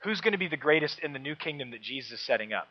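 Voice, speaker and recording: A man preaching a sermon to a congregation, emphatic and rising, then dropping into soft low asides. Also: animated, racing. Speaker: pastor. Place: church. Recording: dull lo-fi sound.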